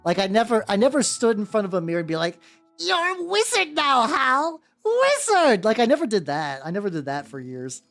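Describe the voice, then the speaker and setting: A man on a live stream rambles casually while he paints miniatures, his pitch swooping up and down as he talks. He restarts sentences a lot, swears freely and keeps greeting his viewers, with soft music playing faintly underneath. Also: expressive, fast, hardly any pauses.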